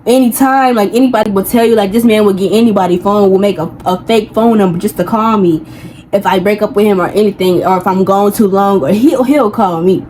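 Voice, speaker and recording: A woman's voice: medium pitch, fairly quick, darkish tone, a little hiss or hum, low-quality recording. A young woman telling a personal story in a heated, venting way, full of slang and rambling asides. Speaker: vlogger. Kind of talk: casual storytime rant.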